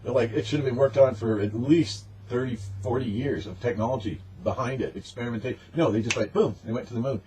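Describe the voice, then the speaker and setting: A man's voice: mid-range voice, brisk, hardly any pauses, background noise. A man delivering a rambling, emphatic, unscripted monologue in a conspiratorial tone as a spiritual channel host.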